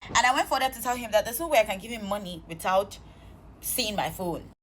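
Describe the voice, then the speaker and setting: A woman telling an exasperated storytime vlog, animated and swearing freely. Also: mid-range voice, a little fast, slight background noise. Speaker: vlogger.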